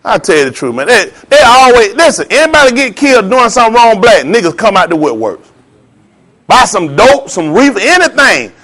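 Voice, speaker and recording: High, lively man ranting. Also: brisk. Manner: heated, preachy, slangy, swings between loud jabs and low asides. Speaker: vlogger. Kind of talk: ranting commentary monologue.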